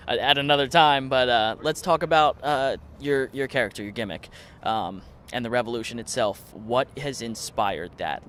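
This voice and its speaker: Man, interview host, casual, admiring, mid pitch, faint outdoor hum. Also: fairly bright tone. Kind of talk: interview questions.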